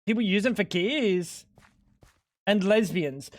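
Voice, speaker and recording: Swearing Australian streamer, dry sound. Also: male voice, sits high, animated, moderate pace, no echo. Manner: profane, joking, indignant. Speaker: game streamer. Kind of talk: casual gaming stream banter.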